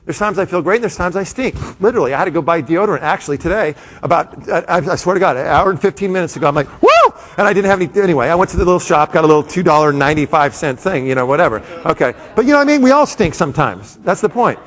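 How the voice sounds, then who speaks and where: Guy doing a funny live keynote, talks fast, keeps cutting himself off and poking the crowd, big hall echo. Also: a little high. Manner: animated, self-interrupting, quick asides to the audience. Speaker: motivational speaker. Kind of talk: live comedic keynote talk to an audience. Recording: long hall reverb.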